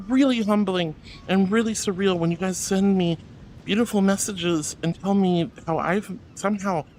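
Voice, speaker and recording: A woman streamer in casual chat who warmly and effusively greets her viewers by name and thanks them. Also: lowish voice, slight background noise.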